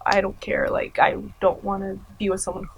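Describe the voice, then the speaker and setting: A woman's voice: medium pitch, level tone, normal speed, background noise. A woman in her thirties giving casual, sarcastic commentary, laughing often and saying "like" and "you know" a lot. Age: 30s. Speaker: commentary YouTuber.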